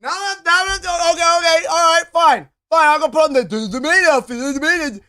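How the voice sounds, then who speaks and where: Male game streamer, high bright voice, theatrical mock-whining rants at chat. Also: a little fast. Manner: melodramatic, mock-whining outbursts. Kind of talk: live gameplay stream chat.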